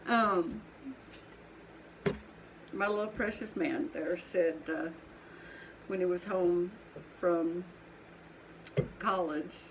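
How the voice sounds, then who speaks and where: A woman's voice: lowish voice, steady tone, drawn-out words, pauses often, noisy background. A middle-aged woman from Colorado with a Southern twang and a sniffly nose, chatting casually in her home pottery studio while she works, rambling and laughing often. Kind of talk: casual chat while working.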